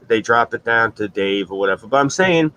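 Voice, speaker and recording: A middle-aged man, hosting a stream with crude, animated storytelling. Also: medium pitch, brisk, smooth, low-quality recording. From New York. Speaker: stream host. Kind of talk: casual profane chat.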